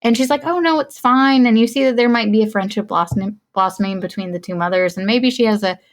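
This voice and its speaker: A woman's voice: medium pitch, fast. A woman co-hosting a podcast, casually recapping a film and acting out the characters' lines with lots of laughter. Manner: animated storyteller, acts out quoted lines; laughs often. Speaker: podcast co-host.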